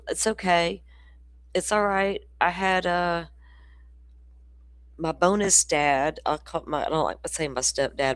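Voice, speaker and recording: A woman from Florida with a Southern accent, talking low and loose as she hosts a true crime stream. She chats with viewers, wanders into side stories and laughs easily. Her voice sits close and dry, with little room sound. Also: fairly bright tone, dry recording. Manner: chatty, laughing, storytelling asides. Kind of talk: casual livestream chat.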